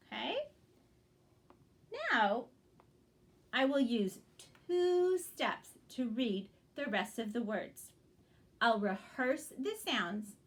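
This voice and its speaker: A woman guides young children through a reading lesson, speaking slowly and with great patience. Her voice sits a little high, and she keeps checking in to encourage them. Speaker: teacher.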